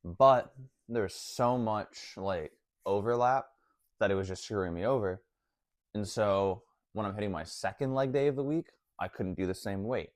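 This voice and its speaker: A man's voice: fairly low pitch, normal speed, no room sound, studio quality. A man vlogging about fitness in a casual, slangy way, full of "like" and "honestly.". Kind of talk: casual talk to camera.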